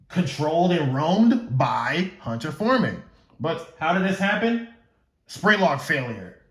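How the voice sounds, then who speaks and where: A man's voice: a little high, fairly bright tone, reverberant. A man casually explaining the story of his own fan game series, rambling and stumbling without a script, joking to himself. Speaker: gaming YouTuber.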